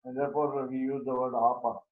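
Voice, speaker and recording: A man teaching a Sanskrit grammar class, talking haltingly with many fillers and restarts. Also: mid-range voice, flat delivery, reverberant, narrow, tinny audio.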